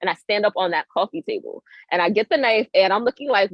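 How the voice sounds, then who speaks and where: A woman's voice: mid-range voice, animated, a little fast, no echo. A woman guest on a podcast, telling a story casually with slang and acting out the voices of people in it. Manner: acts out quoted voices with big swings in tone. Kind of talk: animated storytelling in casual chat. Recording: dry, dull lo-fi audio.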